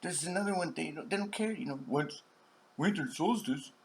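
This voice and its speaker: A middle-aged man in a rambling, profane vlog monologue, dropping to whispers and bursting into shouts. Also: on the high side, normal speed, slight background noise. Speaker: vlogger.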